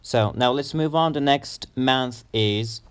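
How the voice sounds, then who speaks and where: A man teaching English pronunciation, saying each word slowly and repeating it for learners. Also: medium pitch, clear, resonant tone. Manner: slow, deliberate, repeats words for learners. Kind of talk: pronunciation lesson.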